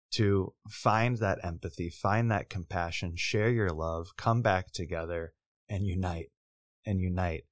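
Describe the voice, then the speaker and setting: A man's voice: low-pitched, no room sound, studio quality. A man co-hosting a podcast, talking earnestly and reflectively about resolving conflict. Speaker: podcast co-host. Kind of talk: reflective advice talk.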